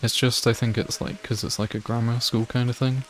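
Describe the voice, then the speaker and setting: A man's voice: mid-range voice, level tone, fairly quick, slight background noise. A man streaming a game playthrough live, chatting in a rambling way with lots of fillers.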